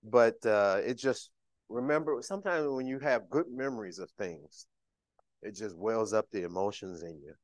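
A man's voice: lowish voice, moderate pace, dry recording. A middle-aged man, a church deacon, giving a sermon in a folksy, conversational and emotional way. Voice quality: emotional, tearful.

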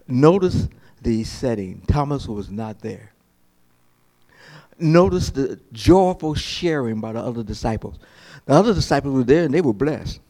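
A pastor preaches a sermon, shifting from slow, hushed quotations to high, lively preaching. He often repeats words and restarts phrases.

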